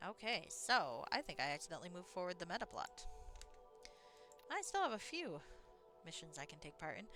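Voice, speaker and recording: A woman's voice: lowish voice, sing-song, brisk, music in the background. A woman streamer giving casual commentary while she plays a roleplaying game, talking in a chatty, frank and self-mocking way.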